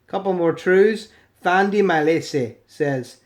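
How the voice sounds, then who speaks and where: A man's voice: on the high side, expressive, moderate pace. A British man giving sarcastic, swearing commentary on comments he reads aloud in mocking voices. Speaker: video commentator.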